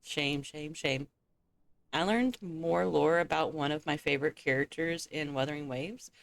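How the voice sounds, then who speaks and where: Playful woman streamer, lowish voice. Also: moderate pace, creaky, dry recording. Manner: playful, teasing, laughs often. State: eating with a full mouth. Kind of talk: casual gaming livestream chat.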